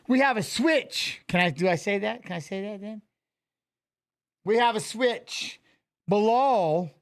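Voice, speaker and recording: A man in his forties hosting a livestream, chatting loosely and rambling as he greets his viewers. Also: sits high. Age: 40s. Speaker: livestream host. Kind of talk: casual livestream chat.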